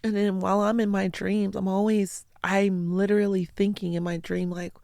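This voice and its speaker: A woman hosting her own show, telling personal stories in an earnest, heartfelt way with slow, deliberate phrasing. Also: mid-range voice, level tone, vocal fry, a little mellow, no room sound, studio quality. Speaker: podcast host. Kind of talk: personal storytelling talk.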